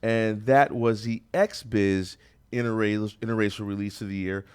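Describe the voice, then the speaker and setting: A man's voice: on the low side, fairly even intonation, a little slow, clean tone. A man hosting a radio talk show from a studio, bantering and joking with a playful, hyped announcer-style delivery.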